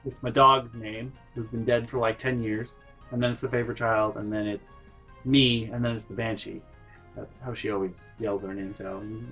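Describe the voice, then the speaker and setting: A man's voice: mid-range voice, husky. Rambling, swearing man telling a story. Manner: rambling, profane, exasperated storytelling; animated, leaps into loud mock yells. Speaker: gaming channel host. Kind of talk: storytime over gameplay.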